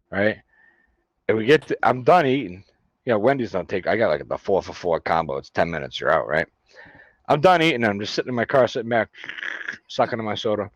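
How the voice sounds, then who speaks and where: A man telling a story in casual chat, swearing often and breaking into loud laughs. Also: medium pitch, dry recording. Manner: profane storytelling, laughs loudly.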